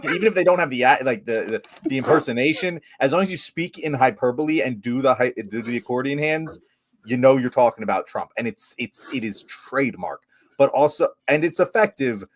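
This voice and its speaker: A man's voice: medium pitch, expressive, brisk. A man co-hosting a podcast, talking casually with stammering restarts and frequent laughter. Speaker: podcast co-host. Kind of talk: casual chat.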